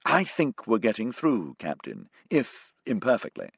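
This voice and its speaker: A man voicing a polished, self-assured English gentleman who speaks with easy refinement. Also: on the low side, huge pitch swings, unhurried, gravelly, husky, no room sound, dull audio, voice pushed up, heavily acted. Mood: urbane.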